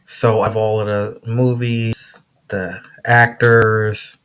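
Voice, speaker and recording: A man hosting a casual podcast interview, laid-back and quick to laugh. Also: lowish voice, flat delivery, fairly bright tone, smooth. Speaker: podcast host.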